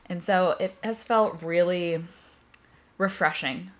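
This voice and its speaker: Chatty young woman, slightly low voice. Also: slow pace. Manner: chatty, upbeat, self-deprecating. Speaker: vlogger. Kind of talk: casual chat while baking. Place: home kitchen.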